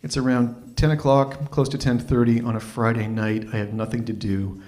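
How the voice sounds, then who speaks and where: A man from Toronto, telling a story live at an open mic in a wry, animated, self-mocking way. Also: medium pitch, moderate pace. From Toronto, Canada.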